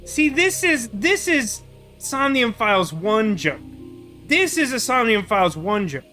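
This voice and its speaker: A man's voice: high voice, big pitch swings, measured pace, bright, forceful tone. A man commenting on a video game in a wry, rambling way with lots of fillers. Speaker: gaming streamer. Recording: game music playing faintly behind.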